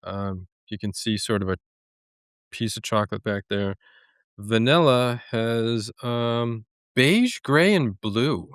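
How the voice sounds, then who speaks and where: A man co-hosting a podcast in casual chat, rambling and hesitant with many pauses. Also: medium pitch, smooth, no echo, clean studio sound. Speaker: podcast co-host.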